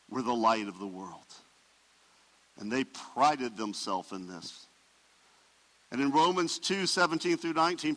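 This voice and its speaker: A man preaching a sermon as pastor, emphatic, swelling loud and dropping soft. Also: on the high side, big-room sound, poor audio.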